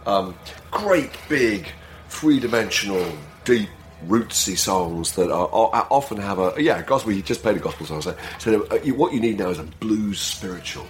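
A male radio presenter chatting casually and telling animated, rambling anecdotes. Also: on the low side, moderate pace. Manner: animated, laughing, rambling storyteller. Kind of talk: casual chat.

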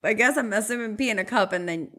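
A woman's voice: medium pitch, fast talker, fairly bright tone. A woman co-hosting a podcast, chiming in with jokes and playful asides. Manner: joking, laughing, playful asides. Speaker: podcast co-host. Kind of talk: casual chat.

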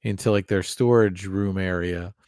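A man co-hosting a podcast, chatting casually and rambling a little with soft asides. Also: sits low, steady tone, normal speed, dry recording, clean studio sound. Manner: rambling, lots of fillers and restarts, soft-spoken. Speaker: podcast co-host. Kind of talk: casual chat.

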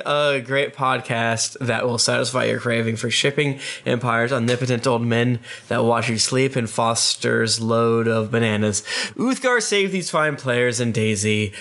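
A man's voice: mid-range voice, pushed and bright. A man hosting a podcast, reading listener reviews aloud in a casual, amused way and laughing often. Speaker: podcast host.

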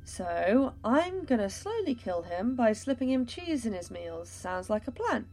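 A woman voicing a calm male half-elf mage who speaks in a deadpan way. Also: a little high, a little slow.

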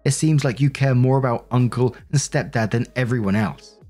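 A man's voice: mid-range voice, moderate pace, dark tone, soft background music, lightly acted. A man reading as a defensive, self-pitying mother. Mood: indignant.

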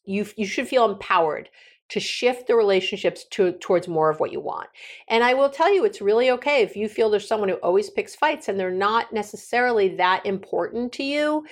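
A woman's voice: medium pitch, expressive, brisk. A woman hosting a relationship advice podcast, chatting casually, correcting herself mid-sentence and acting out sample dialogue. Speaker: podcast host. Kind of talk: conversational relationship advice talk.

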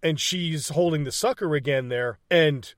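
A man's voice: fairly high pitch, normal speed, no echo, studio quality. A man casually recapping a movie scene by scene, swearing freely, laughing often and acting out lines from the film. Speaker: podcast co-host.

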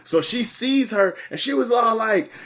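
A man casually telling a story in slang, animated, jumping to a higher voice when he quotes people. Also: measured pace, crowd noise.

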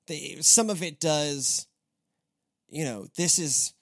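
A man's voice: on the high side, slow pace, vocal fry. Rambling man podcast host. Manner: rambling, restarts, animated asides. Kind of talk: casual chat about faith and church.

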